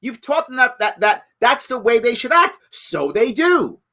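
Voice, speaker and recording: A man's voice: extremely high pitch, very animated, normal speed, sharp tone. A middle-aged man hosting a live show, giving emphatic, repetitive commentary that pleads and scolds by turns. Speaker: host.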